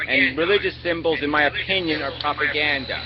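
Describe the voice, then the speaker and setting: A man with a fairly high voice rants in a heated online debate, swearing hard and hammering his points home. His audio sounds dull and lo-fi, and crowd noise runs underneath. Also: brisk. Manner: profane, ranting, emphatic. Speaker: channel host in online debate.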